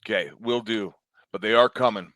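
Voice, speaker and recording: A man playing a gruff soldier in a tabletop role-play, with a bright, forceful voice. He talks casually and bluntly, and the recording is dry. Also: on the low side, moderate pace, no room sound. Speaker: player.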